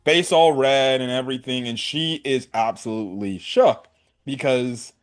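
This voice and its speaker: A young man excitedly recapping an anime episode in a rambling, casual way, full of "bro" and "right?". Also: mid-range voice, measured pace, faint music behind. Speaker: anime reviewer.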